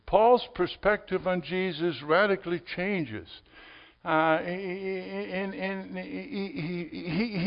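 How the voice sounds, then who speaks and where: A male pastor preaching a sermon in a conversational style that rises to emphatic peaks. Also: high voice. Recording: dull audio with long hall reverb.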